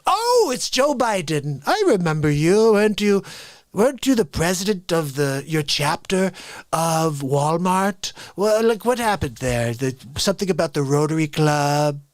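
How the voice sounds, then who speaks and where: A man putting on a rambling, confused older man who talks loose and drawn-out. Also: on the high side, very animated, no echo, clean studio sound.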